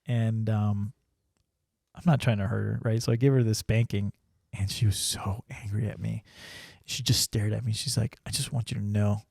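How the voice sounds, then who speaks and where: A man's voice: fairly low pitch, steady tone, normal speed, gravelly, darkish tone, dry recording, clean studio sound. A man sharing a personal faith story in casual conversation, earnest and full of restarts. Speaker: ranch crew member sharing testimony.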